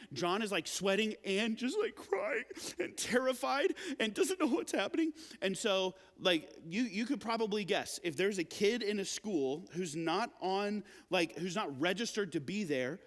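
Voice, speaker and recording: A young man with a high, light voice gives a youth sermon in a big hall whose long reverb trails after every phrase. He talks casually and animatedly, full of filler words, like a storyteller chatting with teenagers. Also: fairly bright tone. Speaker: youth pastor.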